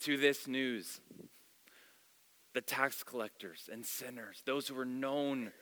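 A male pastor preaching a sermon in an expressive storytelling manner, moving between loud and soft passages, in a church sanctuary. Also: medium pitch, takes it slowly. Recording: long hall reverb.

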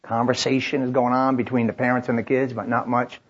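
A man's voice: mid-range voice, little pitch movement, a little fast, husky, highs cut off. A man preaching, telling a story in the third person in short dramatic lines with frequent restarts. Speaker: pastor. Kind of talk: sermon storytelling.

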